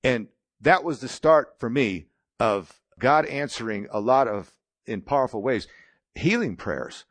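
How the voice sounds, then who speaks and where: A man's voice: mid-range voice, expressive, unhurried, no echo. Older man preaching a dry, conversational sermon. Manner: conversational, storytelling, plain-spoken. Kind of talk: sermon with personal testimony.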